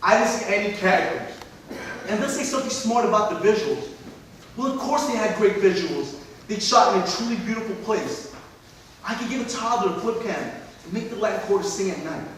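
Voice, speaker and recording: A man's voice: sits high, lively intonation, fairly quick, a bit bright. A man playing a ranting, scornful film snob. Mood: indignant. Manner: indignant, ranting, profane. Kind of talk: staged play reading. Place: large hall, live stage reading. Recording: echoey hall, mic far off, faint hiss.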